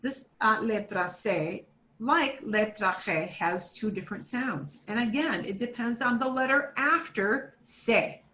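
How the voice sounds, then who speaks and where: An American woman teaching a beginners' Spanish class, slowly and patiently saying words for learners to repeat. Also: fairly high pitch, pushed and bright, reverberant. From United States. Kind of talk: classroom pronunciation lesson.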